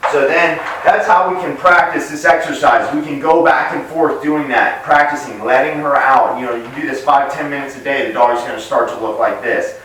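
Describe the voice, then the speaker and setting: A man working as a dog trainer, explaining in a relaxed, plain way with frequent pauses and restarts. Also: mid-range voice, slight background noise. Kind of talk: casual instructional talk to camera. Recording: echoey room, voice picked up from a distance.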